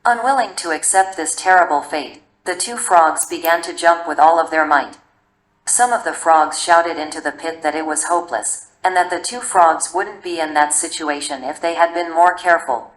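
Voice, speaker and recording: Low-voiced woman narrating stories. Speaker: story narrator. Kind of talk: storybook narration for learners. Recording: echoey room.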